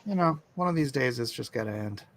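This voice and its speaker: Man, mid-pitched voice, casual chat, teasing, laughs easily. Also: expressive, brisk, no echo.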